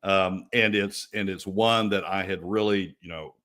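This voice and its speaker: A man with a somewhat low voice talks as a guest on a radio show. He is fervent and repeats key phrases, and his pitch spikes sharply when he gets angry. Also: steady tone, a little slow, a bit bright. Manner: fervent, repetitive, voice jumps up in anger. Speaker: guest policy analyst. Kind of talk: political talk radio commentary.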